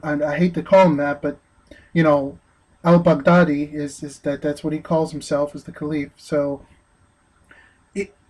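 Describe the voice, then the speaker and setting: A man giving an earnest opinion monologue, speaking haltingly with frequent restarts. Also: on the high side, a little mellow, low-quality recording. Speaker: vlogger.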